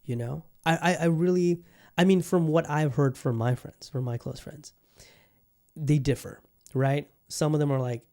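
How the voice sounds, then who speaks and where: A man's voice: fairly high pitch, moderate pace, darkish tone. Candid, profane man in his thirties. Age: 30s. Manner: candid, profane, rambling with many restarts. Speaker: podcast host. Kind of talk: casual solo podcast chat.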